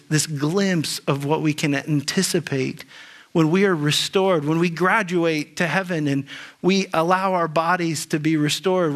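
A male pastor preaching a sermon earnestly, often repeating and restarting words. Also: fairly high pitch. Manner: earnest, with frequent word repetitions and restarts.

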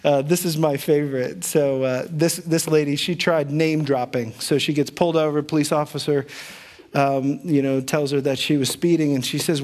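A man's voice: fairly high pitch, fairly even intonation, moderate pace, darkish tone. A middle-aged male pastor preaching a sermon, telling a childhood story in a chatty, self-deprecating way and acting out the voices of the people in it.

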